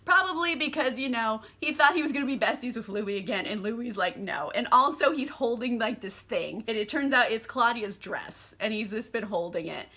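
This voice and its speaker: A tipsy woman racing through a casual book recap, swearing freely and breaking into laughter. Her voice is bright and a touch high, with a lively, animated delivery. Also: fairly quick, hardly any pauses. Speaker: book reviewer.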